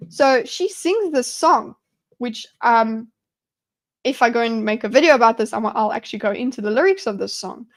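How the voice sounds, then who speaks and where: A young woman with a high voice chats on her live stream. She rambles enthusiastically, circling back and restarting her sentences as she thinks aloud. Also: animated, normal speed. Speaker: streamer hosting a live discussion. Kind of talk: casual live-stream commentary.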